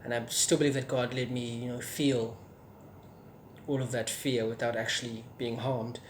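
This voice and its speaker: A man's voice: medium pitch, level tone, moderate pace, slight background noise. A young man from South Africa giving a personal testimony in an earnest way, with many fillers and restarts and an occasional stutter. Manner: stutters sometimes. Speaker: testimony speaker.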